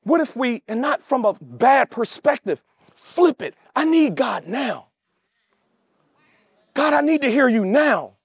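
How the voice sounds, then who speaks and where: A man preaching a sermon, emphatic, calling out to the congregation and shouting at the peaks. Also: very high-pitched, big pitch swings, unhurried, pauses often, husky, no echo, studio quality. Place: church service with online audience.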